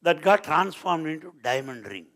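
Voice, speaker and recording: A man telling devotional stories as a spiritual speaker, swinging between loud declarations and quiet asides. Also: a little high, big pitch swings, moderate pace. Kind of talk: devotional storytelling talk.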